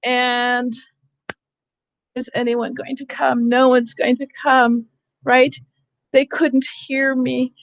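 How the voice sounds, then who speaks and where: A woman leading an online teacher workshop over a video call, animated and demonstrating sounds herself. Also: high voice, slow, vocal fry, pauses often, a little hiss or hum. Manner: animated, acts out calling for help. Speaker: teacher trainer.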